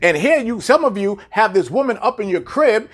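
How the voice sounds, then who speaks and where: A man's voice: sits high, expressive, normal speed. A man delivering a blunt, profane monologue full of rhetorical questions and repetition, lecturing his audience. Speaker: commentator. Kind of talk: preachy monologue to camera.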